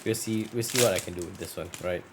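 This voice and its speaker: This is casual unboxing chat from a man who talks fast in a low voice. He rambles and corrects himself while opening card packs, and his voice is turning scratchy from all the talking.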